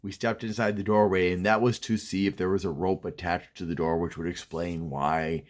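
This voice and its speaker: A man's voice: sits low, fairly even intonation, moderate pace. A man casually telling a spooky childhood story, chatty, with restarts and asides to the listener. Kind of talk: casual spoken horror storytelling.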